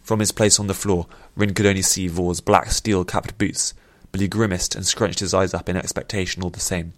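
Brief: low male narrator, steady and measured, dry close sound, fantasy audiobook. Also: no room sound.

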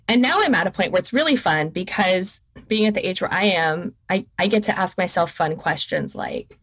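A woman's voice: medium pitch, no echo. A middle-aged woman talking candidly and with animation as a therapist guest on a podcast, laughing often. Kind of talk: podcast interview conversation.

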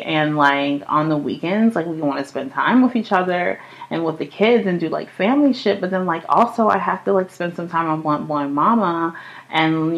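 Young woman host, casual home podcast, high and chatty, swears freely, laughs often. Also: vocal fry, lo-fi sound. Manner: profane, laughing, animated storytelling. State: high on cannabis. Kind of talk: casual chat. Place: home apartment.

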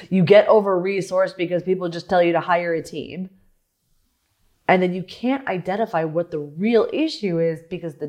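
A woman business coach talking alone on a podcast, animated, often restarting and repeating words as she explains. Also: medium pitch. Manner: animated, acts out her own past questions. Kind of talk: solo podcast monologue.

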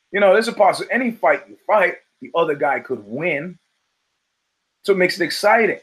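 A middle-aged podcast host with a fairly bright, slightly high voice rambles casually through foul-mouthed stories, frequently restarting his sentences. The recording quality is low.

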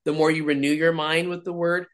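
A woman's voice: sits low, a little fast. An ordained woman minister, a guest in a faith interview, telling stories and acting out the voices she quotes. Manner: animated, acts out quoted voices.

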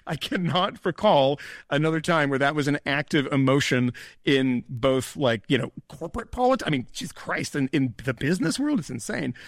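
A man with a gravelly, fry-laden voice sitting a little high for a man, talking in a sardonic, animated way. The sound is dry and close. He often breaks into laughter mid-sentence during casual podcast banter. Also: no room sound. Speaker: podcast co-host. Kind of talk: casual chat.

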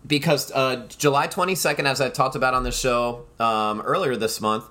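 A man's voice: mid-range voice, steady tone, moderate pace, pushed and bright. A man hosting his own solo podcast, talking in a rambling, emphatic way and often turning to the listeners as "folks". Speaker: podcast host.

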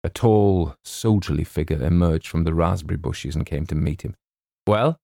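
A man reading a comic short story aloud in a measured, wry storytelling manner. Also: extremely low pitch, creaky, mellow, dry recording, studio quality. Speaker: audiobook reader. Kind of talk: scripted narration.

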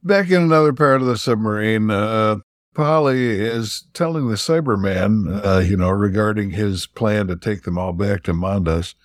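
A man's voice: on the low side, moderate pace, dry recording, clean studio sound. A man co-hosting a podcast in casual chat, retelling scenes and quoting the dialogue. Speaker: podcast co-host.

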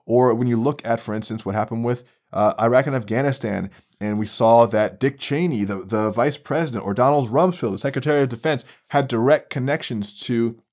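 A young man hosting a podcast, delivering an essay-style commentary in an animated, profane way that swings from low mutters to loud outbursts. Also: brisk. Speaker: podcast host.

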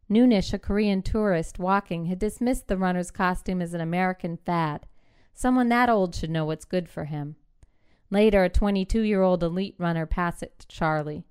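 A woman reading a short story aloud in measured, clipped phrasing. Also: lowish voice, a little mellow, clean tone. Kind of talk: literary fiction reading.

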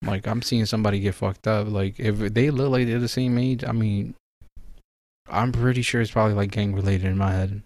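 A man's voice: fairly low pitch, fairly even intonation, fairly quick, darkish tone, no echo. A young man from the Bronx, asking wry questions and swearing in casual podcast chat. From the Bronx, New York.

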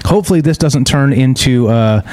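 A man's voice: medium pitch, normal speed, darkish tone. A tired man hosting a live news stream, reading articles aloud and ranting about them in a blunt, sarcastic, profane way. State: tired, yawning. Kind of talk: casual opinionated news commentary. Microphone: streaming microphone.

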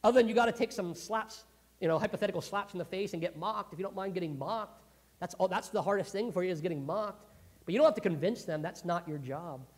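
A man preaching a sermon in a conversational, earnest way, clearing his throat often. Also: sits high, fast. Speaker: pastor.

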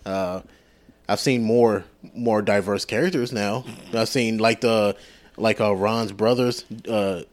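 A man's voice: fairly low pitch, fairly even intonation, takes it slowly. A man co-hosting a podcast in casual, rambling chat, loose and profane with plenty of fillers. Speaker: podcast co-host.

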